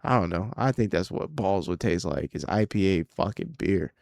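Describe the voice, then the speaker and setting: A man's voice: deep voice, expressive, moderate pace, gravelly, darkish tone, dry recording, studio quality. A young man hosting his own podcast, ranting casually and profanely, rambling and exasperated. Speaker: podcast host and comedian. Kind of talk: casual solo podcast rant.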